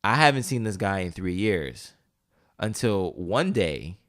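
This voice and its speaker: Lively low-voiced man telling a story. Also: a little slow, dry recording, studio quality. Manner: animated storyteller, acts out quoted voices. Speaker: podcast co-host. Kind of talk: casual chat.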